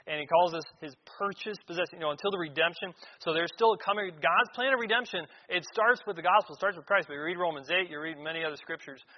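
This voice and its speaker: A man's voice: sits high, quick pace, hardly any pauses, highs cut off. Preaching man in an echoing hall. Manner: reads scripture aloud then explains it, emphatic repetitions. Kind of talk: sermon.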